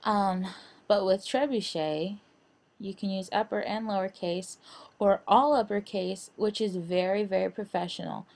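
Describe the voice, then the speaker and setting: In a screen-recorded design tutorial, a young female instructor speaks slowly in a slightly mellow, middle-pitched voice with vocal fry and fairly even intonation. She hesitates often, using lots of fillers and starting sentences over.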